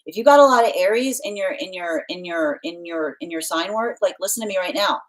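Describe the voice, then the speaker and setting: On a rough recording, a tarot reader livestreams in a medium-pitched, animated voice with vocal fry, talking a little fast. She laughs often, reads viewers' comments, chats casually, and occasionally slips into a playfully stern, motherly tone.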